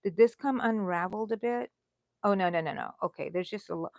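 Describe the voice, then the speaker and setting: A woman's voice: on the low side, a little fast, creaky, no echo. Middle-aged woman host, rambling chatty livestream talk while crocheting, dry close sound. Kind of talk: casual chat during a livestream.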